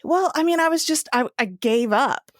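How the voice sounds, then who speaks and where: A woman co-hosting a podcast, telling a personal story in a casual, animated way and swearing freely. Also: high voice, moderate pace, dry recording, studio quality. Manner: animated, swears freely, acts out quoted voices. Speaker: podcast co-host.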